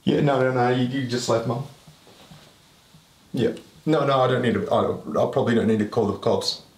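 A man's voice: medium pitch, fairly even intonation, normal speed. A young man, shaky and agitated, swearing his way through unscripted documentary footage in a house. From Australia. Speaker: reality TV personality. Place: house, indoors. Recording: roomy, distant, music under.

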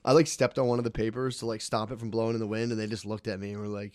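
A man co-hosting a podcast in casual chat, asking eager questions and throwing in deadpan absurd jokes. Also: fairly low pitch, quick pace, few pauses, clear, resonant tone, no echo, clean studio sound. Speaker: podcast co-host.

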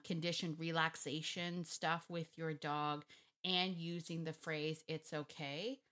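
A middle-aged woman dog trainer speaks in a slightly low voice. She talks casually and emphatically, wandering off on side points before coming back around. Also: a bit bright. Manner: chatty, digressive, emphatic, with laughs. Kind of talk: casual talk to camera.

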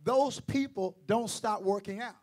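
Man, pastor, high voice, sermon, playful with the crowd, hushed asides, shouted repetitions. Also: unhurried. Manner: preacher who swings from quiet asides to shouting; jokes with the congregation, repeats lines for emphasis.

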